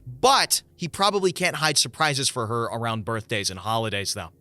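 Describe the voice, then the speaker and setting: A man reading online posts aloud as a story reader and adding animated, playful commentary between them. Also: medium pitch, moderate pace, no room sound.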